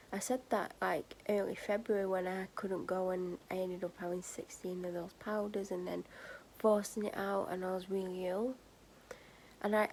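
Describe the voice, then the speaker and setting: A tired, drained young woman vlogger tells a personal story candidly to the camera, frequently slipping into soft whispers and sighs. Her mid-range voice comes through a low-quality recording with slight background noise.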